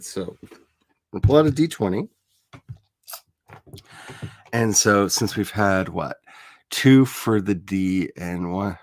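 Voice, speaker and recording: A man's voice: sits low, dry recording. A man talking casually on a livestream as he builds his fictional world, chatty and playful, addressing his viewers and grumbling at his browser.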